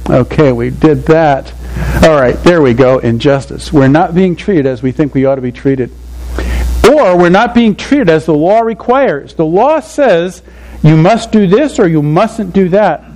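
A man's voice: fairly high pitch, a little mellow, poor audio. A man preaching a sermon, talking conversationally and often asking the congregation rhetorical questions. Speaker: pastor.

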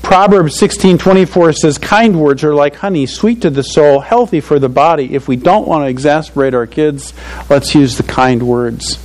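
A man's voice: fairly high pitch, moderate pace, a little mellow, low-quality recording. An older man preaching a sermon to fathers in a conversational, earnest way, often saying "you know" and chuckling at his own stories. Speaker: pastor.

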